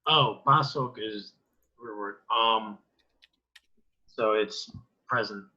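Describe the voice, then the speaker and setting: A man, a language student, reading practice words aloud slowly and carefully. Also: fairly low pitch, sharp tone, dull audio.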